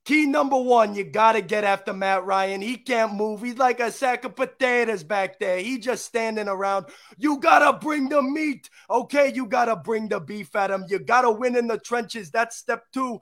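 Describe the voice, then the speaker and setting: A man's voice: extremely high pitch, moderate pace, hardly any pauses, fairly bright tone, pitched above the performer's own voice. A young man putting on a brash middle-aged mob boss with a heavy Italian-American accent, barking orders. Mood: blustery. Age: young adult.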